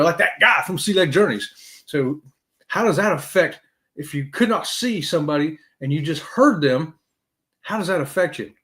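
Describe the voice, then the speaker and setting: A middle-aged man, hosting a casual live-stream chat and talking straight to his viewers. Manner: animated, talks straight to viewers with "y'all", swoops high for emphasis. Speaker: host of a live cruise chat show.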